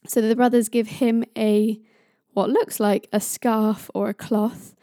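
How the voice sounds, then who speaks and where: A woman's voice: fairly high pitch, little pitch movement, slow, mellow, no echo, clean studio sound. A woman retelling a myth in a chatty, playful way, who jokes about stumbling over hard names. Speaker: storyteller. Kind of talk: casual myth storytelling.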